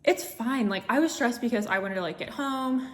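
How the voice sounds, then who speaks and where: A young woman from the United States vlogging casually, recounting a travel day in a chatty, animated way with lots of filler words. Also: on the high side, moderate pace. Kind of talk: casual storytelling vlog.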